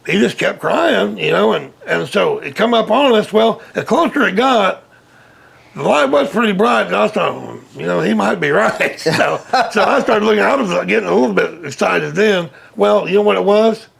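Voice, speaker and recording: A man telling a story as an interview guest, animated and loudly acting out quotes. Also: high voice, moderate pace. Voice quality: gravelly. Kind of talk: casual storytelling.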